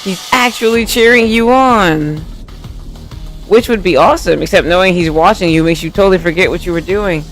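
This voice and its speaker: High voiced guy reading game text out loud and joking around, light music behind. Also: moderate pace. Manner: playful, jokey, reads game text aloud. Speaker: game streamer. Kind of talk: casual game playthrough commentary.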